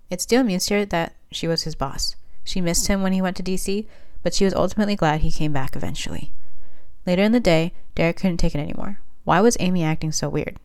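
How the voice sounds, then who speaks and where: A woman with a deep, low voice reads a fan story aloud as storybook narration. Her delivery is steady and plain, one voice carrying the whole tale. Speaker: fanfiction reader.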